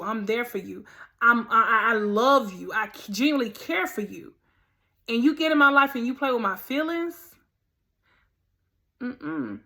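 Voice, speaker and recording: A woman's voice: fairly high pitch, pushed and bright. A woman hosting a faith podcast, talking straight to listeners in an emphatic, direct, preachy way. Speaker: podcast host. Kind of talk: casual motivational monologue.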